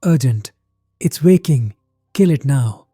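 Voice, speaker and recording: A man voicing a grim, superstitious male Arctic guide, who speaks his warnings low and ominously. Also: animated, takes it slowly, dark tone, breathy edge, no echo, clean studio sound, soft background music. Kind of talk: horror narration.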